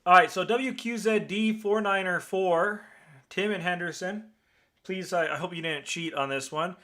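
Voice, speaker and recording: Brief: upstate New York man, net control host, chatty rambler, higher and bright tone. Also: moderate pace. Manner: chatty and rambling, many fillers and restarts. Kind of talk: casual on-air radio net hosting.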